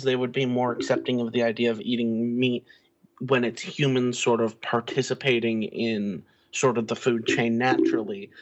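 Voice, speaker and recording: A man joins a relaxed podcast conversation and lays out a point in long, measured sentences. His mic sounds muffled and dull, with the top end cut off. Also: medium pitch. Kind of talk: casual gaming podcast chat.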